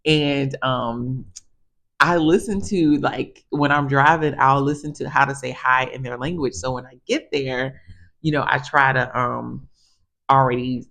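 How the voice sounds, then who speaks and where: A woman physical therapist telling stories in a chatty, animated way, addressing viewers casually. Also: extremely low pitch, unhurried, creaky. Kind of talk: casual storytelling monologue.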